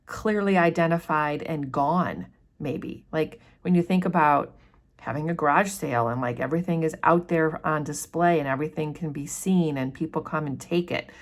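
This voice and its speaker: Low-voiced woman chatting about a novel. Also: normal speed. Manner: chatty, frequent "like" and "you know". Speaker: literature teacher discussing a novel. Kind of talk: casual book discussion with read-aloud passages.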